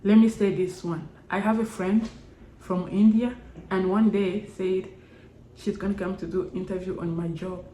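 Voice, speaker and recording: A woman's voice: mid-range voice, fairly even intonation, normal speed, dark tone, a little hiss or hum. A woman vlogger, a Kinyarwanda speaker, giving casual encouraging talk with short repeated urgings. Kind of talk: casual motivational talk to camera. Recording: roomy echo.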